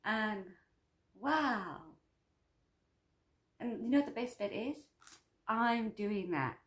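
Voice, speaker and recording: A woman's voice: fairly high pitch, expressive, takes it slowly, roomy sound. A woman doing a personal check-in vlog about her course, talking in a rambling, repetitive, upbeat and self-affirming way. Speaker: vlogger and course creator.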